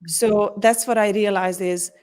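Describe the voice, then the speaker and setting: An empowerment coach, a woman, answers interview questions earnestly, frequently restarting her sentences and acting out quotes with liveliness. Her voice sits at medium pitch and moves at a measured pace.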